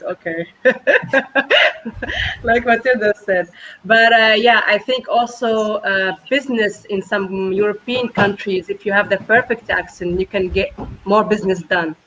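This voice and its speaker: A woman's voice: medium pitch, fairly bright tone. A woman on a podcast panel who starts hesitantly and then repeats her points emphatically. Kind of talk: casual panel discussion. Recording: dull remote audio with faint noise.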